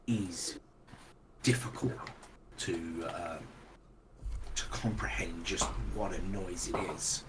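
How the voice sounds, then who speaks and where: List: man, game master, lowish voice, faint background noise. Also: slow. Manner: relaxed, descriptive, with fillers. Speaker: dungeon master. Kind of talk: narrating a tabletop game.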